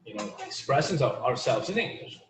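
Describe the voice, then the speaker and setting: A man's voice: medium pitch, sing-song, a little fast, a bit bright, slight background noise. A man teaching an online English class, native Portuguese speaker, chatty and full of "like" and "you know". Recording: echoey room with faint ambience.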